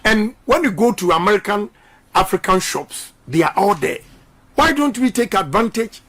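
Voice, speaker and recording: A middle-aged Ghanaian-accented politician gives an impassioned radio interview as a guest, emphatic and repeating slogans while mixing English and Twi. His voice is high and fairly bright, with lively intonation and a moderate pace.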